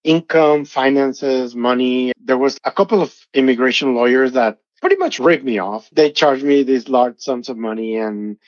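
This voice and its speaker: A man's voice: medium pitch, lively intonation, moderate pace, few pauses, no echo. A middle-aged man, earnestly telling his personal testimony as an interview guest. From Mexico. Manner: earnest, emotional storytelling. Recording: dull lo-fi audio.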